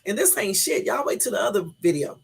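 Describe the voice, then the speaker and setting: Husky-voiced woman reacting bluntly. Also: medium pitch, big pitch swings, fast. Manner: blunt, profane, talks to viewers as y'all. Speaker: host reacting to a video. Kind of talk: casual reaction commentary.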